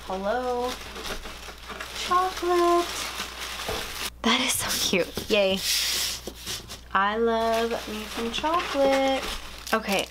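A young woman in casual chat, unboxing planner supplies at home, gushing and excitable with frequent gasps. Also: fairly high pitch, noisy background. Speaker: planner vlogger. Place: home room.

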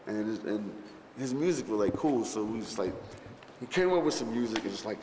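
A man's voice: on the low side, a little fast, noisy background. A man telling stories in a casual interview, rambling and profane, full of fillers and restarts, acting out what others said. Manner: animated storyteller who acts out others' lines. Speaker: interviewee recalling a film shoot. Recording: echoey hall with long reverb, faint ambience.

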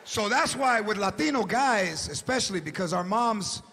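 A man in his forties doing animated stand-up comedy, shouting punchlines on stage at a live show with audience laughter. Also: high-pitched, moderate pace.

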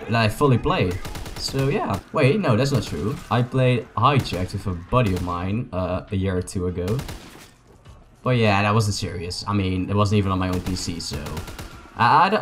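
A young man with a fairly low voice, a native Dutch speaker, talks through a video game session. He jokes, rambles and addresses his viewers while game music plays faintly behind him and gunfire pops now and then. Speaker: gaming YouTuber. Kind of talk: casual gameplay commentary.

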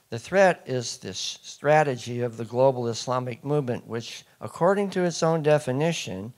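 A man's voice: medium pitch, animated, a little slow. A man giving a public talk, emphatic and quizzing the audience with questions. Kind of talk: public lecture to a live audience.

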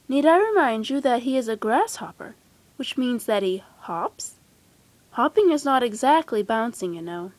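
A woman's voice: fairly high pitch, very animated, normal speed, no echo. A woman reading aloud and voicing Owl, a prim, know-it-all old male owl who lectures in a storybook. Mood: lecturing.

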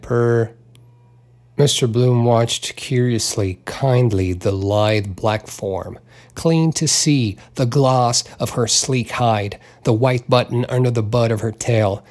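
A man narrating a literary audiobook at a notably slow, deliberate pace. His pitch sits in an ordinary middle register, and he gives the characters small voiced touches without leaving his reading voice. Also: a little mellow.

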